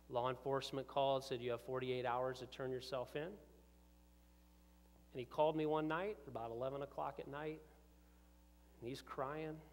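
A male pastor telling a personal story in a sermon, often dropping to hushed tones and rising to urgent appeals. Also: medium pitch, clean tone. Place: church sanctuary with long reverb. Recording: reverberant church hall.

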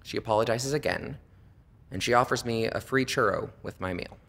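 Young male actor, bright edgy tone, dry comic monologue with sharp emotional swings. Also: mid-range voice, normal speed, gravelly. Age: young adult. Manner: wry, deadpan storytelling with sudden emotional swings. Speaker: acting student. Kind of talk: theatrical monologue.

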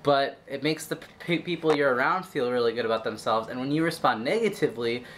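A man's voice: mid-range voice, animated, fairly quick, a bit bright, slight background noise. A man vlogging, giving an earnest, upbeat pep talk in a rambling, casual way with lots of fillers. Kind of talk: casual motivational vlog talk.

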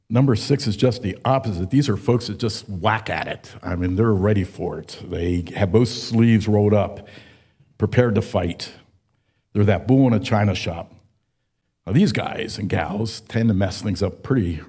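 A man in his seventies preaching a sermon, telling folksy stories with frequent pauses and fillers. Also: low voice, dark tone, husky. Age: 70s. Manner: folksy storytelling, with many uh fillers. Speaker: pastor.

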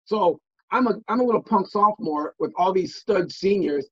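A middle-aged man from Minnesota telling stories as an interview guest, animated and full of restarts and fillers. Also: sits high, moderate pace, breathy edge. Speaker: guest, former football player. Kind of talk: casual interview storytelling. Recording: dull lo-fi audio.

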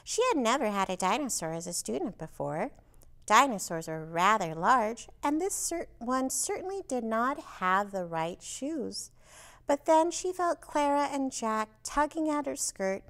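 A woman librarian reading a storybook aloud to toddlers, animated and expressive with chatty asides. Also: a little high, unhurried. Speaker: children's librarian.

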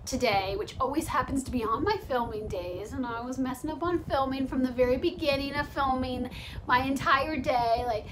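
A woman's voice: sits high, moderate pace, background noise. A young woman vlogging at home, chatting casually and confessionally, laughing often and filling her talk with "like". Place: home during quarantine.

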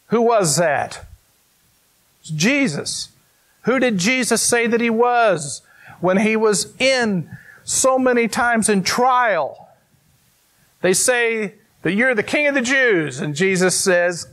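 In church, a pastor with a high-pitched, animated, slightly bright voice delivers his sermon slowly and with emphasis. He reads scripture aloud and addresses the congregation directly.

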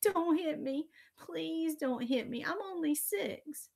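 A woman reading aloud voices a pushy, whiny six-year-old boy in a high, insistent voice. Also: big pitch swings, measured pace, pushed and bright, breathy edge, full character voice.

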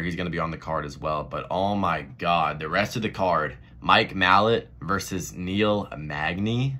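A man with a low-pitched voice that still carries a bright, forceful edge. He rants bluntly and profanely in a casual vlog, jumping between annoyed griping and animated emphasis as he hosts his own channel. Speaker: MMA commentary vlogger. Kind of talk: casual rant to camera.

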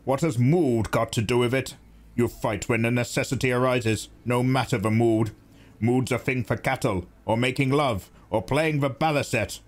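A man's voice: medium pitch, normal speed, voice pushed up, close to an everyday voice. A man voicing a stern veteran male weapons master who lectures bluntly.

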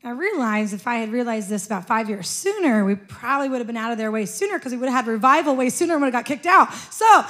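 A woman preaching a sermon in a church, telling a personal story in an animated way and often laughing. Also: on the high side, fast talker, hardly any pauses.

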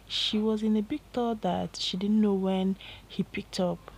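A Nigerian woman narrates a storybook romance in a plain, steady reading voice. Her pitch sits in the middle of the range. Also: unhurried, slight background noise, low-quality recording.

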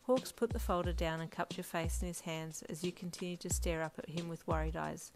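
A woman narrates a fanfiction audiobook in steady storytelling fashion. Her voice sits fairly low for a woman, and quiet lo-fi drum music plays underneath. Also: fairly quick. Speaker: fanfiction reader. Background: faint lo-fi drum music.

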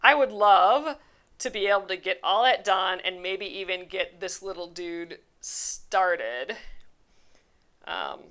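A woman's voice: medium pitch, lively intonation, takes it slowly, a bit bright. A young woman hosting a live embroidery stream, chatting casually and rambling through viewer questions with fillers, restarts and easy laughs. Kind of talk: casual live crafting chat, answering viewer comments.

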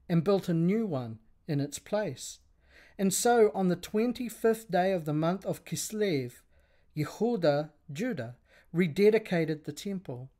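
A man teaching a religious lecture, reading a story aloud in a measured way and speaking the quoted lines softly. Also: fairly high pitch. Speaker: spiritual leader teaching.

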